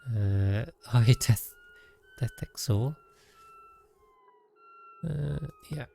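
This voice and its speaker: A man's voice: medium pitch, very slow, gravelly, mellow, a little hiss or hum. A man streaming a game, thinking aloud in casual commentary with frequent restarts and trailing sentences.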